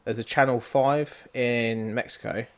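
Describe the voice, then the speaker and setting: A young man with a British accent, co-hosting a casual podcast from a flat and leading with a story. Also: mid-range voice, unhurried. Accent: British English. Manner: laid-back, storytelling, laughs at own bad accents. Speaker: podcast co-host. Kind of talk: casual chat. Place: flat, indoors.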